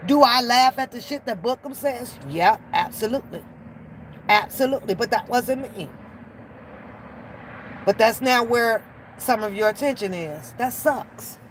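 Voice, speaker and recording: Here a woman with a fairly high voice hosts a reaction channel, venting in an unscripted rant that is blunt, profane and exasperated. Faint background noise comes through the poor audio.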